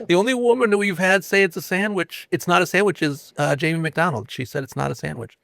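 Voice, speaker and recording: A man hosting a podcast interview, chatting casually with playful laughs and halting restarts. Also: sits high, gravelly, fairly bright tone, dry recording. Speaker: podcast host.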